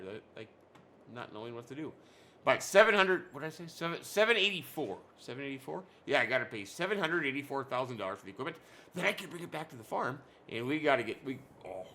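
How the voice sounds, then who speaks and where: A man with a bright, forceful voice hosts a casual let's-play video. He rambles and jokes, often stopping to correct himself partway through a sentence. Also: mid-range voice. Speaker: gaming channel host.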